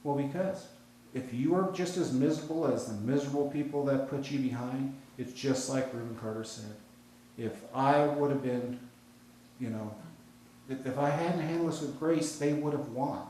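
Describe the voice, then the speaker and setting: A male pastor with an American accent delivers a sermon in a relaxed, storytelling way, full of folksy asides. His voice sits at an ordinary middle pitch. The recording comes from a church sanctuary with a heavy, booming echo. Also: normal speed, a little hiss or hum. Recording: very echoey church hall.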